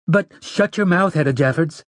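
A man's voice: a little high, moderate pace, dry recording, studio quality, voice pushed up, close to an everyday voice. A man voicing a frantic rustic farm mother. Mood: scolding. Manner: pleading, sharp, rustic dialect. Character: frantic frontier farm mother, middle-aged woman. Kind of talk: audiobook character voice.

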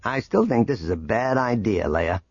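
A man doing a low gruff skeptical pilot. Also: lively intonation, normal speed, lo-fi sound. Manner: growling, gruff.

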